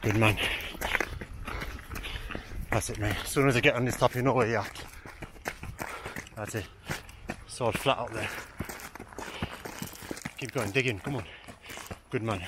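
A man's voice: fairly low pitch, unhurried, long pauses, fairly bright tone. A man with a British accent, slightly out of breath, filming a fitness run outdoors on a handheld camera and calling out encouragement to the runners. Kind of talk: outdoor vlog with shouted encouragement. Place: outdoors on a running route. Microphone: handheld camera while running. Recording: noisy outdoor recording.

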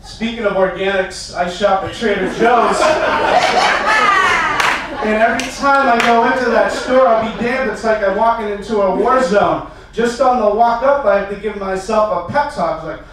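A young man from Massachusetts doing a stand-up comedy set, telling stories with frequent "uh"s and building to loud acted-out rants. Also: high voice, moderate pace, far from the mic, heavy background noise. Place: small stage venue. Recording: echoey room, mic heard from afar.

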